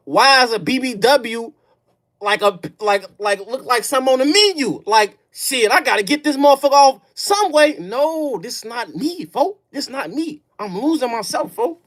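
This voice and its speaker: This man talks with a Chicago accent and tells a story on his stream. He speaks in casual, profane street slang, dropping "folk" and "bro" between phrases. He sinks into low brooding murmurs, then breaks into loud, raised outbursts. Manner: emphatic, profane street talk, peppers lines with "folk" and "bro". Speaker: livestream host. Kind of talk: casual storytelling to a live audience.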